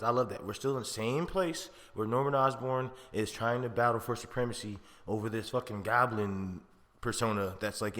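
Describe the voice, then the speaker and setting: A man rambles through a casual film review, cursing and laughing with loose slang. His low, bright voice rings with a long reverb in the room, like a home podcast setup. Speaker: podcast host.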